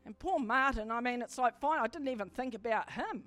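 A woman giving a sermon testimony, telling her story with animated storytelling that builds into fervent exhortation. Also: on the high side, a little fast, no echo. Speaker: preacher.

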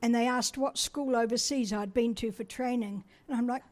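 A woman's voice: on the high side, steady tone, moderate pace, darkish tone. A middle-aged woman from New Zealand telling a personal testimony in a chatty, self-deprecating way, acting out the dialogue as she goes.

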